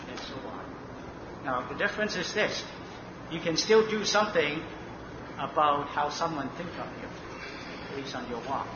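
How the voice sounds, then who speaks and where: Earnest man questioning in a roomy hall. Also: on the high side. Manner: earnest, searching, asks questions. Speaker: participant in a Bible study. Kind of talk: reflective Bible discussion. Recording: roomy, muffled, noisy room recording.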